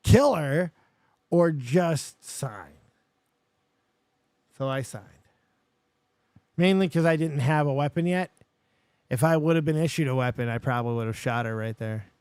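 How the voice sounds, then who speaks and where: A high-pitched young man hosting a live show. He tells stories animatedly and profanely, and he gets himself worked up as he talks. The sound is dry and close, with no room echo at all. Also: measured pace, pauses often, clear, resonant tone. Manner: animated, profane, getting worked up while telling the story. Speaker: show host. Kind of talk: storytelling and reacting on a live show.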